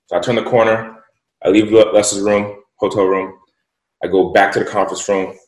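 A man's voice: fairly low pitch, fairly even intonation, moderate pace. A man telling a story as a guest, emphatic and profane, repeating lines for effect. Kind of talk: casual storytelling. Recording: roomy echo.

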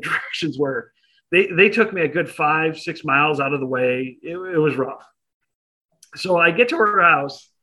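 A man spins a self-deprecating anecdote, acting out the voices of the people in it. His voice is bright and sits a little high. He speaks in a relaxed interview setting. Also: low-quality recording. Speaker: interview guest. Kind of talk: casual storytelling.

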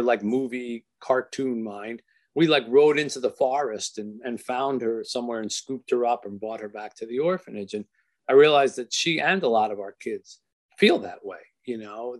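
An older man, an author, telling a personal story in an earnest, halting way, with many restarts and soft trailing phrases. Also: mid-range voice.

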